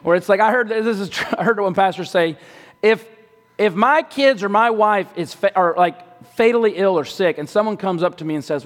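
A man preaching a sermon in a conversational way, often dropping quiet to stress a point. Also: high voice, moderate pace. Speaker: pastor. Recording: long hall reverb.

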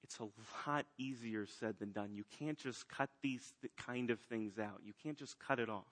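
A man preaching a sermon, swinging between loud emphatic lines and hushed ones. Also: mid-range voice, normal speed. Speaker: pastor.

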